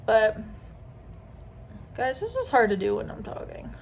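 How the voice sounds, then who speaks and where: A woman's voice: a little high, big pitch swings, a little slow, gravelly, slight background noise. A young woman vlogging at home at night, chatting casually and rambling through asides while she does her makeup close to the camera. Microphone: camera very close to her face.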